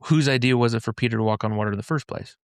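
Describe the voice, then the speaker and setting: A man's voice: mid-range voice, very fast, no echo, clean studio sound. A man in a casual podcast conversation, retelling scripture stories in everyday slang and often restarting his sentences. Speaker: podcast speaker explaining a faith-based framework. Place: podcast studio in Utah.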